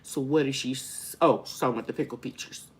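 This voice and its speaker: With an extremely low pitch and a brisk manner, an older woman hosts a live-stream gardening Q&A for her channel. She chats in a homey way, says hello to viewers by name and meanders through each explanation.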